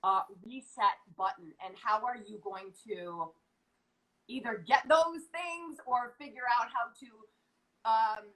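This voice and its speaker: A woman speaking as an acting coach on a live video call, giving an energetic, chatty, motivational talk. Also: on the high side, slow pace, poor audio.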